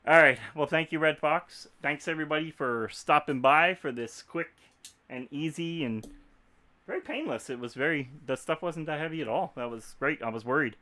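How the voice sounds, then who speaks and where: A man's voice: a little high, moderate pace, bright, forceful tone. Chatty Texan man on a livestream. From Texas. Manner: rambling, chatty, laughs easily. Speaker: YouTube creator. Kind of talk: casual livestream chat.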